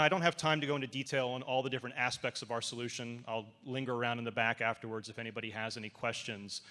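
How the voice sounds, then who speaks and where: A man pitches his company's product to a conference audience with an enthusiastic, salesy delivery. His voice is mid-pitched and bright, pushing forward. A long reverb from the big hall hangs behind every phrase. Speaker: partner company presenter. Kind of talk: conference presentation.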